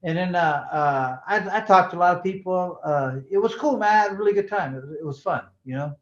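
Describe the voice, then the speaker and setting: A former boxing champion in his sixties tells stories in a casual interview, his voice high-pitched and a little fast. He's an animated storyteller who acts out the dialogue with slang and swearing. The recording sounds roomy and slightly dull.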